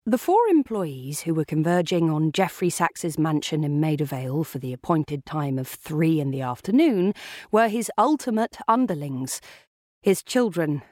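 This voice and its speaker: A woman narrating an unabridged novel in a measured, dramatic storytelling manner. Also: sits low, expressive, darkish tone, dry recording, clean studio sound. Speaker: audiobook narrator. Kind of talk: scripted narration.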